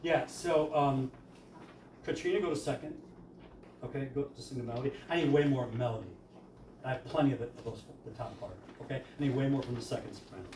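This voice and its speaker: A choir director with a mid-range, slightly mellow voice leads a rehearsal, briskly explaining how to sing a passage and then singing lines to demonstrate. He sounds far off in an echoey room, with slight background noise.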